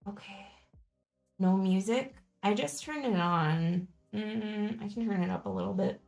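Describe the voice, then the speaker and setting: A young woman chatting through a live-stream board game unboxing, thinking aloud and laughing softly as she goes. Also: mid-range voice, a little slow, vocal fry, soft background music.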